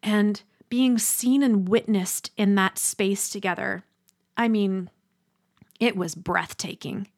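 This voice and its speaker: A middle-aged woman giving a motivational talk, earnest and emphatic, slowing down for dramatic pauses. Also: medium pitch. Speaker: speaker.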